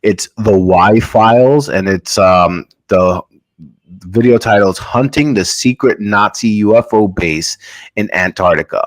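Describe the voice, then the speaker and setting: A man's voice: on the low side, a little slow, no room sound. A man hosting a podcast in casual chat, rambling with lots of hesitations and restarts. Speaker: podcast host.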